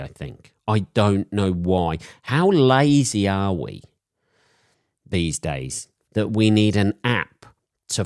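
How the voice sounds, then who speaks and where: Man, podcast host, crude swearing rant, sore throat, very low voice, dry close sound. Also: a little mellow, no echo. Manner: crude, profane, jokey rambling.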